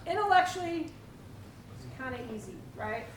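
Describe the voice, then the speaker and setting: Woman percussion clinician, high voice, far from the mic in a roomy hall, conversational and quizzing. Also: sing-song, moderate pace, slight background noise. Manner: chatty, quizzes the audience with "right?". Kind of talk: live drum clinic teaching. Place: large echoey hall with audience. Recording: roomy live hall, distant mic, loud drumming.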